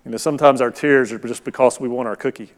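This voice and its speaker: A man's voice: medium pitch, fairly even intonation, fast talker. A middle-aged man preaching a sermon as pastor, conversational and storytelling. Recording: long hall reverb.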